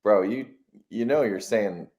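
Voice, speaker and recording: A man in his thirties from the United States, a musician guest, talking in a relaxed, reflective way and laughing easily. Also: lowish voice, unhurried. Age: 30s. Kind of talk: casual chat.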